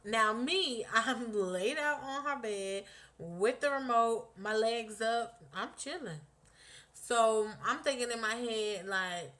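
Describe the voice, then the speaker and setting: A young woman with a slightly high voice tells a personal story on her vlog at a slow pace. She's casual, animated and blunt, swearing freely and acting out what people said.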